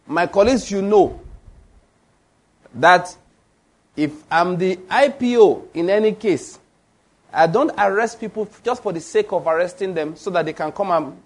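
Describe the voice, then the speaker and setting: A man preaching a sermon, emphatic, repeating lines for stress and reading scripture aloud. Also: high voice.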